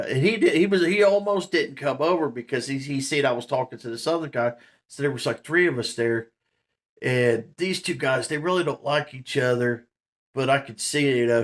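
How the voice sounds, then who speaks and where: A man telling a story to the camera in a rambling, casual way, with lots of fillers and laughs. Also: mid-range voice. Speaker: vlogger.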